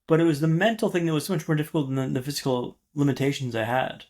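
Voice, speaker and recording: A man in his thirties, a podcast guest telling his recovery story dramatically, with repeated refrains and pauses. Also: fairly high pitch, darkish tone. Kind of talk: storytelling interview.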